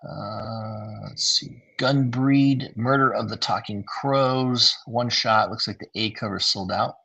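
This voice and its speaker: A man's voice: on the low side, takes it slowly, gravelly, bright, forceful tone. A tired man giving a casual, rambling livestream review of new comics, with lots of fillers. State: tired, yawning.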